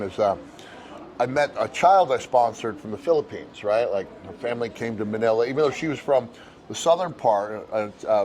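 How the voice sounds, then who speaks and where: An older American man, a guest chatting casually and telling relaxed stories outdoors. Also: medium pitch, slight background noise. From United States. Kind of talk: casual chat.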